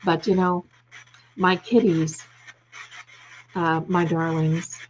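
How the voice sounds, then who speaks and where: A woman from the United States streams live from home, slowly going through comments in a fairly low, flat voice and lovingly calling viewers darling. The audio is dull, with slight background noise.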